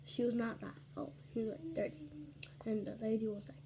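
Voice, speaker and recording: A woman's voice: a little high, brisk, warm tone, slight background noise. A woman casually telling a rambling story between bites in an eating ASMR video, dropping into whispered asides. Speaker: ASMR vlogger.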